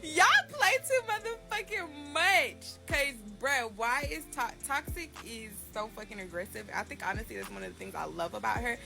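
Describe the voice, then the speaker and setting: Woman, casual social media clip, rambling, fillers, gravelly fry, higher pitch, clear background music. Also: animated, a little fast, few pauses. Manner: rambling, many fillers, giggly. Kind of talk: casual chat to camera.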